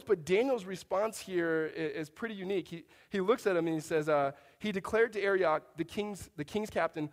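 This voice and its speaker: A man's voice: high voice, fairly quick, hardly any pauses, long reverb tail. A man preaching a sermon, conversational and storytelling, with humorous asides. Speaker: pastor.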